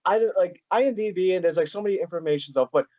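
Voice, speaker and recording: A man hosting a casual fan interview, talking in a rambling, halting way with many restarts. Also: high-pitched, dark tone, no echo, highs cut off. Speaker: podcast host.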